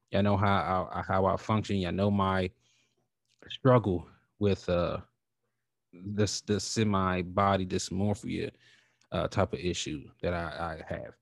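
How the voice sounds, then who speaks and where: A man hosting his own podcast in a casual, rambling way, talking with animated feeling and casual swearing. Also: deep voice, dry recording. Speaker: podcast host. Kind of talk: casual solo podcast talk.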